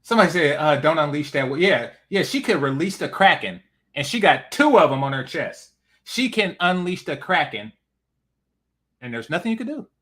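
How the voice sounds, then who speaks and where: A man's voice: fairly high pitch, very animated, normal speed, fairly bright tone, husky. A man hosting a reaction commentary, mocking and repetitive with plenty of profanity. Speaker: commentary channel host.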